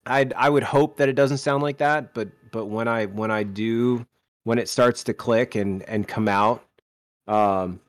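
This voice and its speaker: A man's voice: mid-range voice, fairly even intonation, unhurried. A man co-hosting a podcast, chatting casually and telling rambling stories with lots of restarts. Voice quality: rambling, storytelling, self-correcting. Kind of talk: casual chat.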